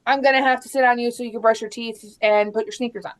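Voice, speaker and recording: A woman in her thirties in a casual chat about motherhood. She talks in a slightly high voice and stays animated, laughing easily and acting out little quoted lines. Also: racing, few pauses. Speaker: guest mom.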